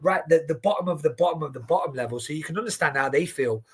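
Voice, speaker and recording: A man in his forties talks in a slightly high voice, chatting casually. He is an animated storyteller who swears freely and keeps restarting sentences. The talk stays loose and conversational throughout. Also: fast, husky. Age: 40s. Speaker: boxing watchalong co-host. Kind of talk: casual chat.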